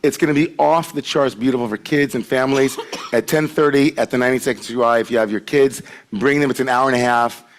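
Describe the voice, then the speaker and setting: Service leader, male, mid-pitched, casual and joking, filler-heavy patter to a congregation. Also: quick pace. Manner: chatty and joking, with many filler 'likes'. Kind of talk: casual welcomes and announcements at a Friday service. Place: sanctuary with a congregation present.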